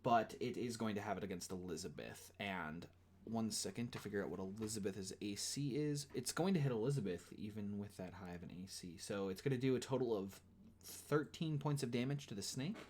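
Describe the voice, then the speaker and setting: A man's voice: on the low side, lively intonation, a little fast, a little mellow. A man running a tabletop game as game master, casual and apologetic, with many fillers.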